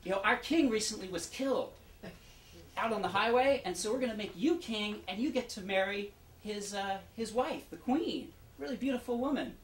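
A man briefly voicing an excited crowd of ancient townspeople, eager and gushing, in a casual retelling. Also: high-pitched, moderate pace, pitched above the performer's own voice. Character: excited crowd of Theban citizens. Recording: roomy, distant, faint background hum.

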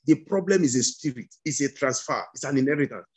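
This male pastor's voice is mid-range, expressive, and quick, with a darkish tone and a breathy edge. Leading a fervent prayer sermon on a video call, he issues repeated commands and breaks into tongues between prayers.

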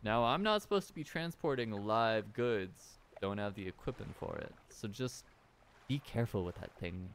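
A man voicing an unseen courier in a game, speaking low, hushed and slow. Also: expressive, a little hiss or hum. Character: hidden mysterious courier behind a door, any sex.

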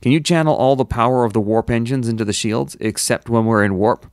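A man's voice: medium pitch, a little fast, darkish tone, dry recording, studio quality, close to an everyday voice. A man voicing a decisive starship captain who gives raised, clipped commands. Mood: terse. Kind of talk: audiobook character voice.

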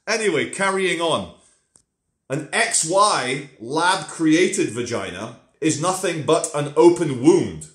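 A man's voice: a little high, expressive, measured pace, fairly bright tone. Blunt, profane man rambling in a roomy echo. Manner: sardonic asides. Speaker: vlogger. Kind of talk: casual unscripted monologue.

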